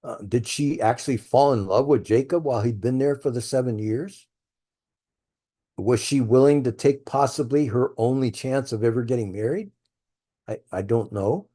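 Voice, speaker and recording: Very dark-voiced musing male Bible teacher. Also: mid-range voice, moderate pace. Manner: musing, thinks aloud with rhetorical questions.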